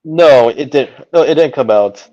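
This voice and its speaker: A halting male co-host with a dark, mellow tone stumbles through his points, repeating words as he goes. His voice comes through a dull, lo-fi connection. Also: medium pitch. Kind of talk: casual chat.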